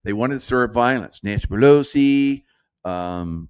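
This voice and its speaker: A man's voice: mid-range voice, lively intonation, unhurried, clean tone. A man hosting his own show with casual, rambling commentary, laughing often and drifting off point. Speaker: show host.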